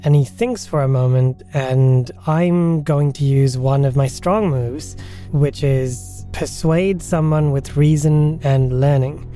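A man playing a tabletop role-playing game who explains his moves in a deliberate, thoughtful way. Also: on the high side, fairly even intonation, mellow, soft background music. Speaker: player. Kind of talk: casual tabletop play.

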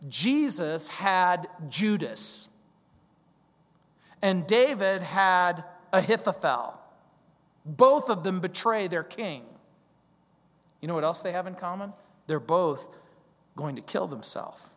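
Guy preaching in a big church, kinda high voice, lots of repeating for emphasis, reverb trailing off. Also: unhurried. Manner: animated, conversational preaching with emphatic repetition. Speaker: pastor. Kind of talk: expository sermon. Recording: long hall reverb.

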